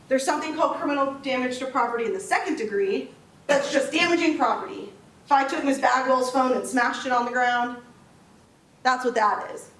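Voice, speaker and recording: A woman's voice: high voice, fairly bright tone. A woman prosecutor giving a closing argument to a jury, explaining the law step by step with emphasis. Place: courtroom. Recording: echoey courtroom audio from a distance.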